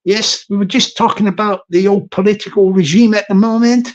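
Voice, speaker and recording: A man's voice: high voice, steady tone, fairly quick, dull audio. A man with a London accent hosting a casual livestream, rambling and chuckling as he chats. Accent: London English. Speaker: livestream host.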